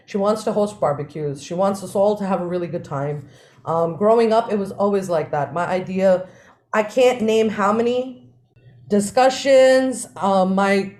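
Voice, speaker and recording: Woman, podcast co-host, casual storytelling, animated, laughs a lot, mid pitch.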